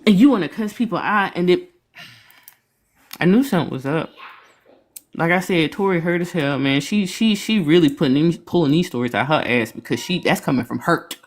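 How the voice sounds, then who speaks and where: A woman co-hosting a reaction stream, talking in an animated, emphatic way and laughing often. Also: on the low side, fairly quick. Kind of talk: casual commentary chat.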